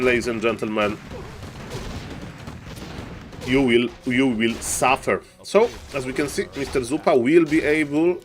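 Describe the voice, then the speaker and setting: A man with a Polish accent and Polish as his first language, commentating a strategy game live and chatting with viewers, excitable, with bursts of mock outrage and frequent laughs. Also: medium pitch, slight background noise. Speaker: game caster and streamer. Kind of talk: live esports commentary and chat.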